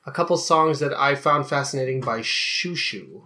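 A man's voice: mid-range voice, pushed and bright. A man from Canada co-hosting a casual music podcast, easygoing and often restarting his sentences. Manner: easygoing, hesitant restarts, quick laughs. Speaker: podcast co-host. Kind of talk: casual chat.

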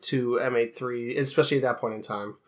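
A man's voice: mid-range voice, fairly even intonation. A man from Canada co-hosting a casual music podcast, easygoing and often restarting his sentences. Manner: easygoing, hesitant restarts, quick laughs. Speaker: podcast co-host. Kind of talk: casual chat.

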